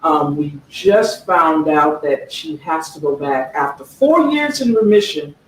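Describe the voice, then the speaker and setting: Woman author, earnest book talk, slow emphatic read-aloud, distant mic with faint noise. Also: deep voice, lively intonation, roomy sound. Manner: earnest, slow emphatic reading, frequent "okay?" check-ins. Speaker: author presenting her own book.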